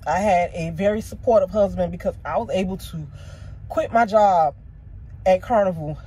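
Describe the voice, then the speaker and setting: A woman's voice: mid-range voice, fairly quick, darkish tone, slight background noise. A woman vlogger casually telling a personal story to her viewers, candid and emotional, with slangy asides.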